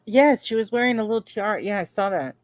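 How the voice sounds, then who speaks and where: Woman co-host, measured and critical, mid pitch, dry close mic. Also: animated, no room sound. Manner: measured, critical, greets viewers. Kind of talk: casual livestream commentary.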